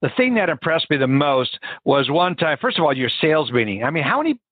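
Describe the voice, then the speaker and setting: A man hosting a podcast interview, telling a story with animated enthusiasm and acting out quotes. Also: a little high, a little fast, slightly rough, no echo, phone-quality sound. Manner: animated, repeats himself, acts out quotes. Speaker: podcast host.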